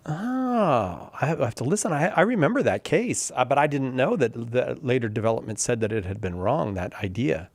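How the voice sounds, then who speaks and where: A male radio host with a middle-pitched voice keeps things light and chatty, reacting and moving to the next caller. His voice sounds dry and close in the studio. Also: very animated, a little fast, few pauses, dry recording. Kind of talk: casual radio hosting.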